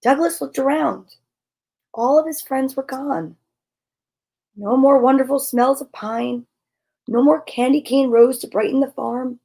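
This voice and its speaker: A woman reading a picture book aloud to children, expressive and often dropping to a hush. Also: high voice, a little slow, creaky, pauses often, breathy edge. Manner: expressive, dropping to hushed near-whispers. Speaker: storyteller.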